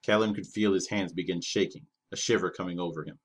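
A man narrating a space-opera novel in a measured, dramatic reading. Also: low-pitched, steady tone, slightly rough. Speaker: vTuber reading a novel aloud.

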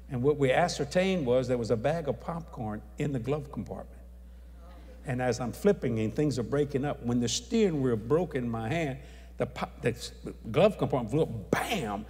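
A man telling a testimony story as an evangelist, acting out the people in it and raising his voice at the high points. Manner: animated, acts out dialogue, shouts at climaxes. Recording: long hall reverb.

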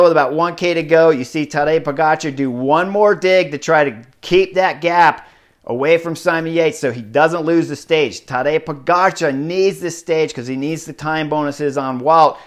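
A middle-aged man giving casual, excited analysis of a bike race, stressing points with emphatic repetition. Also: fairly high pitch. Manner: excited, emphatic, piles up rider titles.

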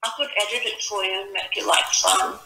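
A woman's voice: mid-range voice, steady tone, fairly quick, sharp tone, rough recording. A woman chatting casually with a friend over a call while they play a game together, easygoing and chatty. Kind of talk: casual gameplay chat.

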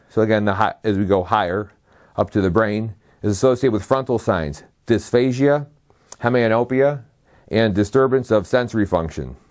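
A man with a somewhat low voice gives a slide lecture, moving through the material step by step. He lists terms one after another and drops in short, dry asides along the way. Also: darkish tone. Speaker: medical lecturer.

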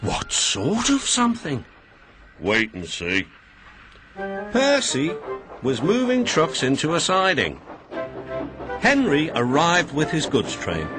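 Brief: British storybook narrator, very animated, lively pitch, music bed. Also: male voice. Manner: very animated and expressive. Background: background music.

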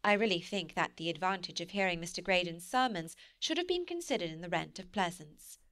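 A woman's voice: on the low side, expressive, brisk, a bit bright, no echo, studio quality. A woman voicing an eager, playful young wife who coaxes and wheedles. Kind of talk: audiobook character reading.

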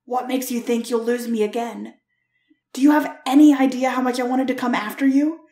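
A woman acting out an earnest young man, tender and pleading, in a fan-made storybook reading. The voice sits fairly high and mellow, with a roomy echo around it. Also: steady tone, normal speed, natural voice.

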